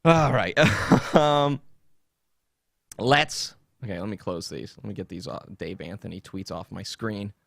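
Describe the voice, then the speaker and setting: A man's voice: lowish voice, measured pace, vocal fry, a bit bright, no echo, studio quality. A man hosting a podcast in a casual comedic rant, mocking and laughing often as he jumps between topics. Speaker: podcast host.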